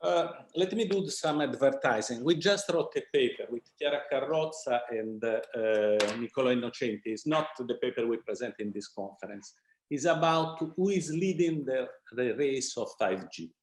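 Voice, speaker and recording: A man's voice: medium pitch, normal speed. A man who is a professor on a discussion panel, speaking conversationally and checking in with tag questions. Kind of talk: round-table discussion. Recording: echoey room sound.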